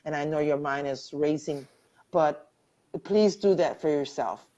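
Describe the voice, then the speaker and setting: A middle-aged woman hosts a live video interview, her voice pitched a little low and dulled by lo-fi livestream audio. She tells her story in animated, rushing bursts and earnestly encourages her guest. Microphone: webcam or phone on a video call.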